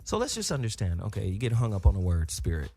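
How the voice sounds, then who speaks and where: Animated man riffing on a talk show. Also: lowish voice, fast, breathy edge, soft background music. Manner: animated, profane, riffing on tangents. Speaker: podcast host. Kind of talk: casual chat.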